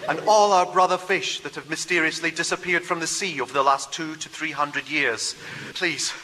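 A man's voice: on the high side, steady tone, normal speed, pushed and bright, long reverb tail, a little hiss or hum. An actor playing a frightened male scientist held by dolphins, pleading nervously in a comedy sketch.

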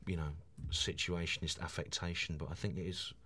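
A man in his forties, a stand-up comedian guesting on a radio chat, talking enthusiastically with halting restarts. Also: deep voice, flat delivery, bright, forceful tone.

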